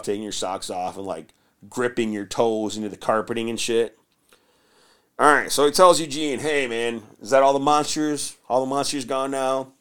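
A man's voice: fairly low pitch, fairly bright tone. A man hosting a podcast, casually recapping a film with lots of swearing and silly acted-out bits of dialogue. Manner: crude, rambling, acts out scenes in silly voices. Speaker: podcast host. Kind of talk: casual movie recap with profanity.

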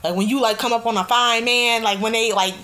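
Excitable young woman radio host. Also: a little high, brisk. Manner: animated, excitable, laughing often. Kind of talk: casual chat.

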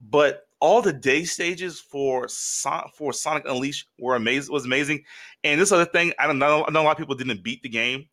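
A man co-hosting a podcast in casual chat, rambling and excitable with lots of restarts. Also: a little high, moderate pace. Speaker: podcast co-host.

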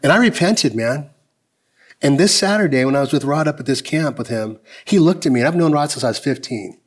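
A man's voice: animated, a little fast. A man in his fifties preaching a sermon as pastor, telling personal stories and acting out the dialogue. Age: 50s. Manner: storytelling, acting out dialogue in lowered voices.

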